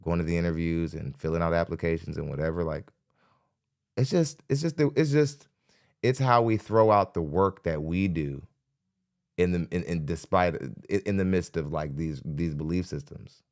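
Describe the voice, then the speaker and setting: A man's voice: deep voice, normal speed. A man hosting a live podcast, giving skeptical, rambling reaction commentary with frequent restarts. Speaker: podcast host.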